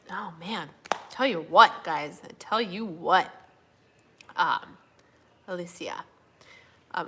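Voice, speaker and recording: Bright-voiced woman chatting live with viewers. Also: mid-range voice. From Minnesota, USA. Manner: chatty, fillers and yawning, says y'all. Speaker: livestream host. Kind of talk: casual live chat reading viewer comments.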